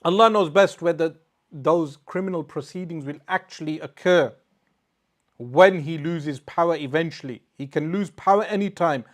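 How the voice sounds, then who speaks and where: Man, Islamic scholar, religious lecture, live audience, emphatic, rhetorical questions, fairly high voice. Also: normal speed.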